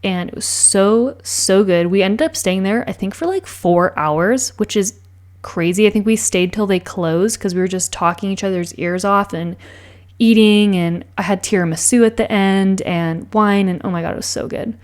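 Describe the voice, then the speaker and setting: A young woman narrates her vlog in a chatty, gushing way, full of "like" and "um". Her pitch sits in the middle of the range for a woman. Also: moderate pace. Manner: chatty, gushing, many fillers. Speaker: planner vlogger. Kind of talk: casual vlog voice-over.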